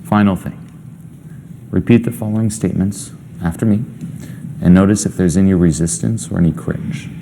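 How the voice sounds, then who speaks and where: A man's voice: sits low, moderate pace, mellow, a little hiss or hum. A young man coaching a group, blunt and emphatic, swearing freely and firing rhetorical questions. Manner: asks many rhetorical questions. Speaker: self-help coach. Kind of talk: coaching session.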